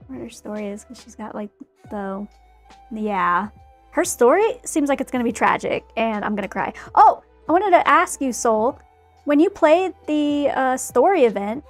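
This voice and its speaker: A woman's voice: a little high, animated, normal speed, soft background music. A young woman chatting casually in a bubbly, rambling way while she paints a figure. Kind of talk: casual chat while crafting.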